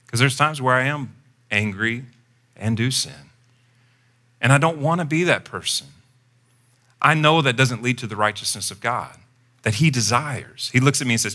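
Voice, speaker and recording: A man's voice: lowish voice, moderate pace. A man preaching a sermon as pastor, telling a personal story in a conversational way and acting out his own lines. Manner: conversational storytelling, animated when quoting himself.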